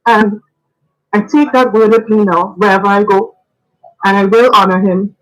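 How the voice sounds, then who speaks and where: A woman's voice: medium pitch, steady tone, moderate pace, poor audio. A woman, a radio guest sharing heartfelt, faith-filled memories in an earnest, reflective way. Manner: earnest, reflective, sometimes laughing; faith-filled, preacher-like phrasing. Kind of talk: spoken radio tribute.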